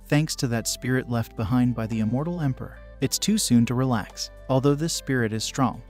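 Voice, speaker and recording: A man narrating a manhwa story recap, reading every character's lines in an even, flat way. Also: mid-range voice.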